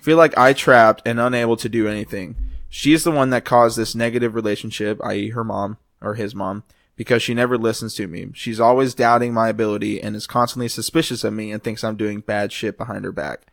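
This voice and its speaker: A young man co-hosting a casual podcast who jokes around and reads a post aloud haltingly, stumbling over the words. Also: lowish voice, steady tone, vocal fry, fairly bright tone, no room sound, clean studio sound. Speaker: podcast co-host. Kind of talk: casual chat, reading posts aloud.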